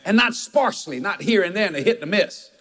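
A man's voice: high-pitched, animated, fast talker, a bit bright. A man preaching a sermon as pastor, telling folksy stories with emphatic asides.

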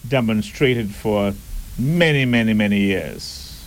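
A man giving a deliberate, emphatic public address and asking rhetorical questions. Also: fairly low pitch, a little hiss or hum, rough recording. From Turks and Caicos Islands.

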